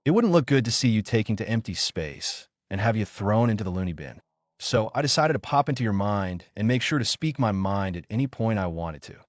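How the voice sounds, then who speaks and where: A man's voice: fairly low pitch, lively intonation, fairly quick, no echo, studio quality, lightly acted. A man reading a story aloud, voicing a sassy, lazy male spirit who talks inside a boy's head. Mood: casual.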